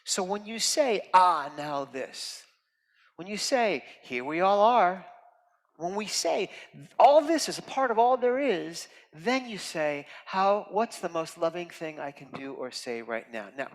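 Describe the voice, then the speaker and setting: A man giving a heartfelt, expressive inspirational talk as a guest speaker at a temple, swinging from loud emphasis to soft near-whispers. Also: sits high, unhurried. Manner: earnest and heartfelt, tearful at moments. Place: temple sanctuary. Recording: reverberant hall.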